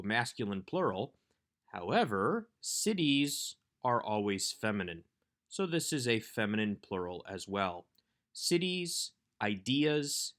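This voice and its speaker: A man giving a recorded workbook lesson as a Hebrew instructor, explaining grammar in a measured way. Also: lowish voice, fairly bright tone.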